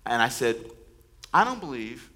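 Bright-toned preaching man. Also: mid-range voice, sing-song, measured pace. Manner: preaching with call-and-response to the congregation; emphatic, repeats words and phrases. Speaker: pastor. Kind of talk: sermon.

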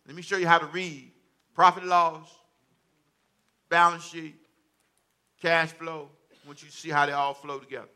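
A man's voice: on the high side, little pitch movement, moderate pace, pauses often, bright, forceful tone. A male pastor preaching a sermon in church to a congregation, with folksy, repetitive phrasing and call-and-response.

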